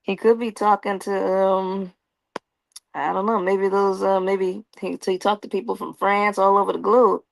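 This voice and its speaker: A woman's voice: medium pitch, flat delivery, normal speed, gravelly, dry recording. A woman hosting a casual live stream, reading viewer comments aloud in a playful, teasing way and laughing often.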